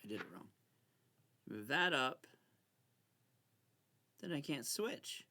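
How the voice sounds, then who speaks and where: A man casually commenting on a card game, excitable and mock-frightened, bickering back and forth as he plays. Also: mid-range voice, slow, slight background noise. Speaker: channel host playing solitaire.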